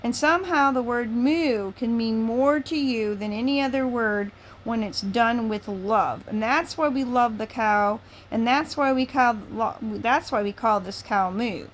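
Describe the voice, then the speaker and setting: A woman's voice: fairly high pitch, a little slow, few pauses, slight background noise. A woman improvising a playful, rambling storybook tale with made-up rhymes.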